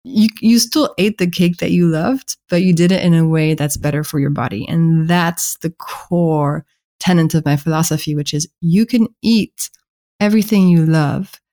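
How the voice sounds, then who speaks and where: Gentle-spoken woman with a French accent. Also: low voice, moderate pace. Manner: earnest, explanatory, gentle. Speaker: guest author. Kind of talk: podcast interview.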